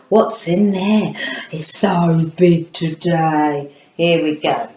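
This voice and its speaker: A woman teaching a children's phonics lesson in an animated, sing-song teacher voice, talking straight to young viewers. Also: fairly low pitch, extremely slow. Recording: roomy echo.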